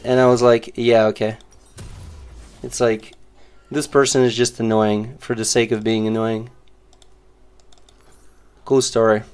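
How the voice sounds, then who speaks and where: A man's voice: on the low side, fairly even intonation, normal speed, darkish tone, smooth. A man streaming a game, chatting casually and sarcastically, rambling with lots of fillers. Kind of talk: casual live-stream chat.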